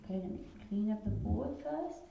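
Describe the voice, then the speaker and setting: A woman teacher slowly taking young children through a phonics lesson, patiently repeating each sound. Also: medium pitch, lively intonation, creaky, a little hiss or hum. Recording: echoey room, dull lo-fi sound.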